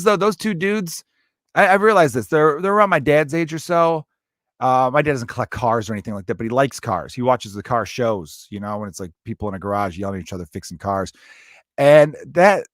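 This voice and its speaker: A man's voice: mid-range voice, no echo, studio quality. A young man hosting a solo podcast, talking in a rambling, profane and jokey way. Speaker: podcast host. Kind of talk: casual solo podcast talk.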